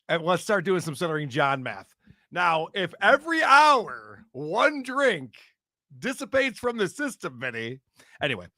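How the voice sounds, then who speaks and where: A man's voice: a little high, sharp tone, no room sound, studio quality. A man co-hosting a comedy show, giving crude, mocking commentary and laughing often. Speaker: podcast co-host.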